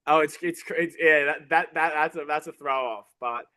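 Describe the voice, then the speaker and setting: Aussie tradesman guest, somewhat high bright voice, halting and full of restarts. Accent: Australian, toned down. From Australia. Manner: halting, stop-start, many false starts. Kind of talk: casual interview chat.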